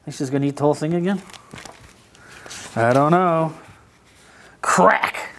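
A man's voice: a little high, a little fast, a little hiss or hum. A man reading a picture book aloud to children in a library and asking them questions as he goes. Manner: animated, asks children questions. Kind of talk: children's storytime read-aloud.

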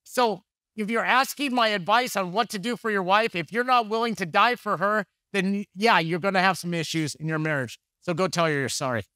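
Bright-voiced male pastor telling stories. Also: sits high, fairly quick, no room sound, studio quality. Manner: storytelling, acting out dialogue; candid, jokey. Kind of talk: conversational sermon.

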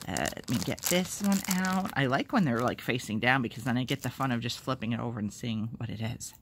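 Chatty, excitable woman vlogger. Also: rumbling low, brisk, hardly any pauses. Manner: self-deprecating humor. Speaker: vlogger opening fan mail. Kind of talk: casual chat to camera. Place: at home. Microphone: phone camera.

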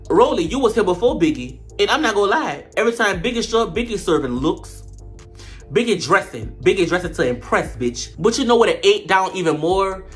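A man doing a comedic reality-TV recap, sassy, profane and animated, full of slang. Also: sits high. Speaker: show reviewer.

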